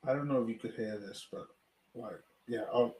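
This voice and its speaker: A man hosting a live watch party, excitedly reacting play by play and often stammering and restarting his sentences. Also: mid-range voice, moderate pace, echoey room.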